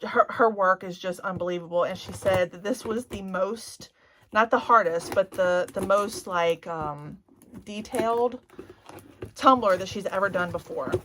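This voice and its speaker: A woman in her forties speaks with a Cajun Louisiana accent in a candid vlog. Her voice sits in a middle pitch and her talk is slow and drawn out. She is chatty and gushes openly, her feelings close to the surface. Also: a bit bright, slight background noise. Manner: chatty, gushing, emotional. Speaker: beauty vlogger.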